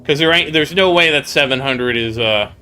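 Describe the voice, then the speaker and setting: A man's voice: medium pitch, normal speed, pushed and bright, clear, resonant tone, soft background music. A man hosting a gaming channel, chatting casually over gameplay as a rambling storyteller who laughs often and repeats himself.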